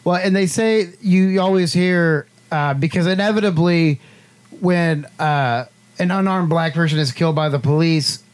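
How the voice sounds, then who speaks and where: A man's voice: a little high, normal speed, clean tone. A man hosting a casual panel discussion, talking conversationally and passing questions to his guests. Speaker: host.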